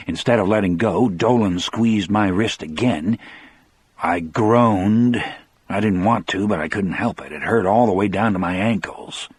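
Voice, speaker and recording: A man's voice: lowish voice, moderate pace, a little mellow, husky, no echo. A man narrating an audiobook in a brooding, confessional first-person telling.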